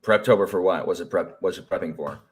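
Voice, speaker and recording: A young man talking casually to a live stream chat, rambling and animated, with many fillers and restarts. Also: sits low, fast talker. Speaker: teacher.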